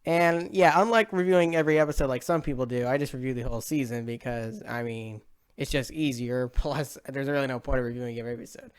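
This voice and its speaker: A man's voice: medium pitch, fast, a little hiss or hum. A young man giving a casual video review from home, rambling with lots of fillers and self-corrections. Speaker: online show reviewer.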